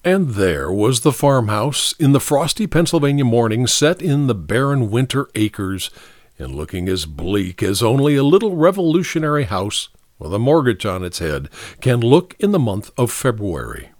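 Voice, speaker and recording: Male audiobook narrator, lively pitch, dry close sound. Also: moderate pace, no echo.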